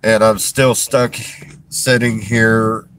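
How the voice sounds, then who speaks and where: A man talking to viewers on a livestream, halting and strained, restarting his sentences and sighing, from a parked vehicle in a store parking lot. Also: on the low side, flat delivery, fairly bright tone, slight background noise. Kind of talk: emotional livestream talk to viewers.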